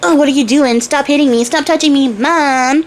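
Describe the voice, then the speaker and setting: A woman's voice: high voice, normal speed, slight background noise, voice pushed up, close to an everyday voice. A woman voicing two bickering giant brothers who talk crudely and swear.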